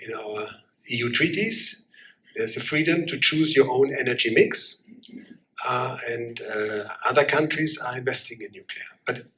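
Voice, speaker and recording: A man fields audience questions as an ambassador. He talks haltingly, with frequent fillers and repeated words. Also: medium pitch, a bit bright, poor audio. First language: German. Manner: halting, many fillers and restarts. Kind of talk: answering audience questions at a panel.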